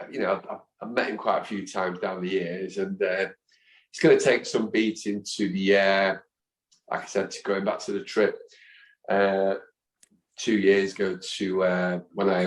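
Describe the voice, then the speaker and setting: Chatting casually as an interview guest, a deep-voiced football fan in his fifties spins lively stories and performs the voices of those he quotes. Noticeable room echo runs through the recording.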